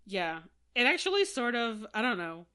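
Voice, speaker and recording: A woman co-hosting a casual podcast about a book, rambling a little, searching for words and trailing off softly. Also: fairly high pitch, very animated, normal speed, clean tone. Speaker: podcast co-host.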